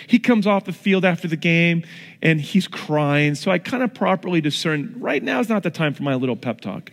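High-voiced man preaching in an echoing hall. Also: normal speed, vocal fry. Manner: animated storytelling with lively pitch swings. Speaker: pastor. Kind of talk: sermon.

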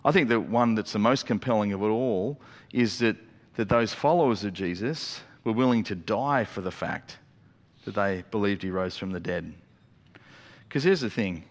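A man preaching a sermon as a pastor, telling the story in a lively way with quick acted-out asides. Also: fairly low pitch. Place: church auditorium. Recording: long reverb of a church hall.

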